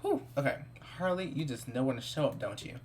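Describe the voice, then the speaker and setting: A man's voice: mid-range voice, very animated, fairly quick, darkish tone, a little hiss or hum. A man giving casual, playful let's-play commentary, gossiping about his characters and improvising their lines. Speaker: gameplay commentator.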